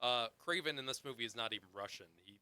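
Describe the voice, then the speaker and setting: A man's voice: medium pitch, fast, pushed and bright, clear, resonant tone, no echo. A man co-hosting a casual movie review podcast, blunt and emphatic, with frequent swearing. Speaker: podcast co-host.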